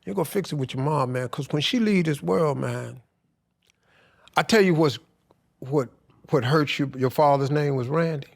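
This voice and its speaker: A man's voice: on the high side, moderate pace, vocal fry, pauses often. A man, a podcast guest telling emotional, slangy stories. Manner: emotional storytelling, slangy and profane. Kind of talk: candid podcast conversation.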